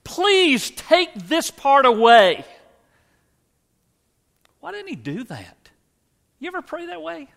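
A man's voice: extremely high pitch, bright, forceful tone. A man preaching a sermon as pastor, earnest and conversational, asking the congregation rhetorical questions. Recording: long hall reverb.

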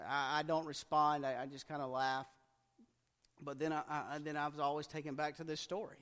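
A man's voice: on the high side, little pitch movement, a little fast, a bit bright, big-room sound. A man preaching a conversational sermon in a folksy manner, acting out what people in the scripture might say. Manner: folksy, acts out quoted speech in plain voice.

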